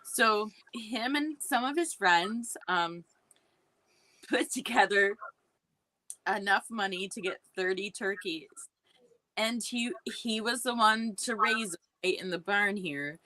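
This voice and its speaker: A woman co-hosting a talk show, chatting in an amused, unhurried way. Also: mid-range voice, sharp tone, no room sound, poor audio. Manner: slow, amused, reacting with laughter. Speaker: podcast co-host. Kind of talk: casual chat.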